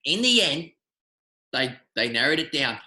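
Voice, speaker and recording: Aussie guy rambling through showbiz stories, bright lively voice, slightly high, roomy echo. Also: a little slow. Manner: animated, rambling anecdotes with restarts. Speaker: magician guest. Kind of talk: casual interview storytelling.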